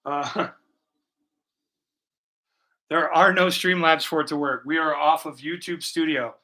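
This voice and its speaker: A man's voice: on the high side, fairly even intonation, a little slow, pushed and bright. A young man live-streaming as he paints, chatting loosely and profanely with viewers while he explains his brushwork. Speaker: livestreaming painter.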